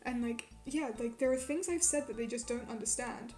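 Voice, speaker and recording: Ranting high-voiced young woman streamer. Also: brisk, a little mellow, soft background music. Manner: rambling, swears a lot, ranting. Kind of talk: casual chat with live chat. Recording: roomy echo.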